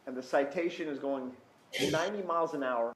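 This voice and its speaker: In a courtroom, a defense attorney cross-examines a witness, his questions broken by hesitant restarts. His voice is a little high and brisk. The audio is roomy, with a faint hum.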